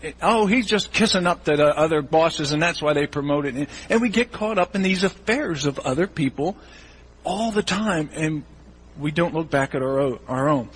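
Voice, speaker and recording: A male pastor giving a sermon in a church, animated and acting out the voices of churchgoers in quick asides. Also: on the high side, breathy edge, rough recording.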